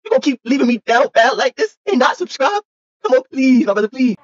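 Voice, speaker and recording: A man hosting a reaction video, with excitable, exclamatory commentary full of profane slang. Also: very high-pitched, fast talker, highs cut off.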